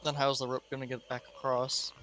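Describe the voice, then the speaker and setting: Bright-voiced young man player. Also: mid-range voice, flat delivery, a little fast. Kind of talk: tabletop game table talk.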